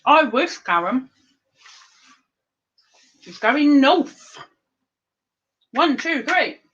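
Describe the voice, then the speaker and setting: A woman's voice: high voice, very animated, extremely slow, a bit bright, highs cut off. A woman hosting an online trivia board game on her stream, chatting to viewers and sometimes talking with her mouth full. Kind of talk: casual live-stream chat.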